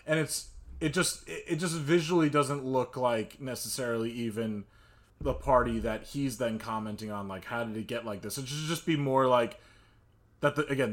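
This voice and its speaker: A man co-hosting a podcast, chatting about a film in a rambling way full of fillers. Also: medium pitch. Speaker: podcast co-host. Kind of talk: casual film discussion.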